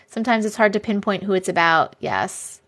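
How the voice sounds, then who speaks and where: A woman's voice: medium pitch, a little fast, fairly bright tone. A young woman hosting a live stream, chatting casually, laughing often and reacting to viewer comments. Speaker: live-stream host reading viewer stories.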